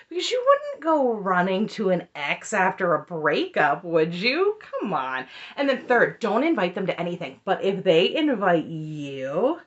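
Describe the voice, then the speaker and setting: Sarcastic thirtysomething woman doing a tv recap, super expressive voice, keeps laughing. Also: fairly low pitch, highs cut off. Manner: sarcastic, exasperated, laughs often. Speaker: reality TV recap YouTuber. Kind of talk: opinionated recap commentary.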